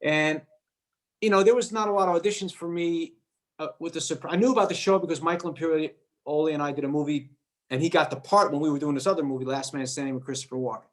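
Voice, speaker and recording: A man with a slightly raised pitch tells an animated story as a guest. He jumps into the voices of others in his tale and often stumbles over and repeats his words. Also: fast talker. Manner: lively anecdote-telling, acts out quoted voices, repeats words. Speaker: actor guest.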